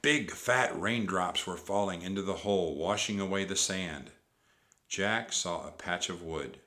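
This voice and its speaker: Deep-voiced man reading a storybook. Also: measured pace. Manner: animated reading. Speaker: narrator. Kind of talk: storybook read-aloud.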